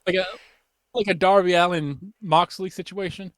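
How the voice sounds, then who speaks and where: A young man hosting a casual podcast, rambling excitedly with lots of fillers and restarts, his voice a little worn. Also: high-pitched, moderate pace, dry recording, studio quality. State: losing his voice. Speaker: podcast host.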